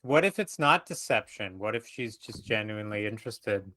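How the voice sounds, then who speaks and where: Teasing tabletop player, lively voice. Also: mid-range voice, normal speed, no echo. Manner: teasing, joking. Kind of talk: casual tabletop game chat.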